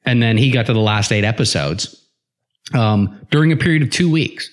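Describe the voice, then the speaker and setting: A man hosting a casual podcast who chats in an animated way, laughs often and restarts his sentences. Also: mid-range voice, moderate pace. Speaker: podcast host. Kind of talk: casual chat.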